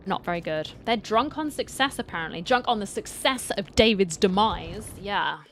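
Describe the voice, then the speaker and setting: A woman's voice: medium pitch, animated, moderate pace, a bit bright, a little hiss or hum. Chatty woman streaming a game. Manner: chatty, answering chat, playfully dramatic. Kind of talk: casual live-stream chat while gaming.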